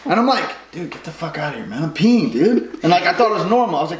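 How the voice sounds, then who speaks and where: A man's voice: a little high, sing-song, fast, few pauses. A young man co-hosting a podcast, telling a rambling drunk story with lots of swearing and laughter. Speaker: podcast co-host. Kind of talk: casual chat. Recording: echoey room with noise.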